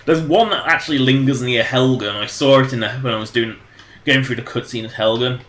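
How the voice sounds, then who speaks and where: A man's voice: mid-range voice, fairly quick, fairly bright tone, echoey room. A man casually commenting on his game during a livestream, rambling and joking and laughing at his own jokes. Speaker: game streamer.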